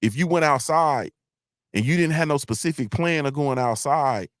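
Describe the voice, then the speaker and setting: A man's voice: on the high side, normal speed, no echo, clean studio sound. A man hosting a live morning show, talking in a casual, motivational way. He is blunt and emphatic, curses freely, and keeps checking in with his listeners. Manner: emphatic, repetitive, often asks "you feel me?"; blunt, uses profanity. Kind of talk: casual motivational livestream talk.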